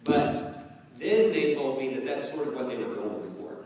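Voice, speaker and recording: A man's voice: mid-range voice, moderate pace, very noisy. A man, a voice actor on a convention panel, chatting casually and rambling with chuckles. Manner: relaxed, chuckling, rambling storyteller. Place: large convention hall. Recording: echoey hall, voice from far off.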